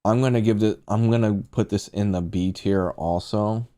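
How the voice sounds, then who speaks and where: A man's voice: on the low side, steady tone, moderate pace, mellow, smooth. A man streaming casual movie reviews, rambling and profane as he talks to his chat.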